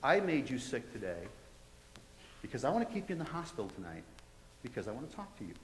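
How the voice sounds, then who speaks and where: A man voicing a gentle, loving divine voice that speaks softly and low in his story. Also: very animated, quick pace, echoey room, in a large hall, a little hiss or hum, close to an everyday voice, low-quality recording. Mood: tender. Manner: soft, low and hushed.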